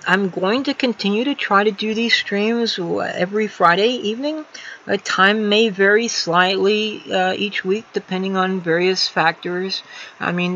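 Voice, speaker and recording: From a room at home, a woman hosts a casual livestream, rambling on with many fillers and restarts. Her mid-range voice is a bit bright, and the slightly dull lo-fi audio carries a little hiss or hum.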